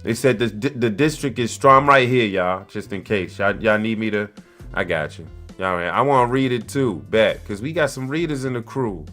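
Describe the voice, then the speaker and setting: A man doing casual commentary, loud and excitable, full of slang and jokey asides to his viewers while reading articles aloud. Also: lowish voice, normal speed, faint music behind. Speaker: commentary podcaster.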